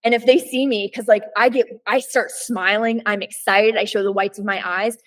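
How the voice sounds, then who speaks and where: A woman's voice: medium pitch, steady tone, moderate pace, poor audio. A woman in a panel discussion talking in a playful, blunt way and rambling with restarts. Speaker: panel guest. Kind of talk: casual discussion.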